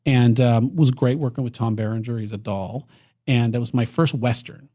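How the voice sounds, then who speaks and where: A man's voice: medium pitch, normal speed, dark tone. Man, middle-aged, podcast guest, rambling, filler-heavy casual chat. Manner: chatty, rambling with many fillers and laughs. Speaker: guest filmmaker.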